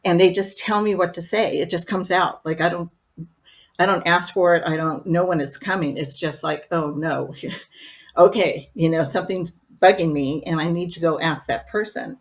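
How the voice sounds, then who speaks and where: A woman's voice: lowish voice, normal speed. A middle-aged woman, a medium and podcast guest, telling her stories in a rambling, chatty way and leaning on "you know" again and again. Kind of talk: casual storytelling in an interview.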